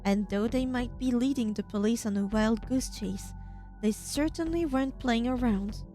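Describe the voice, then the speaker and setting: A young woman streamer reading a game's text aloud with expressive narration and casual asides. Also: on the high side, moderate pace, soft background music.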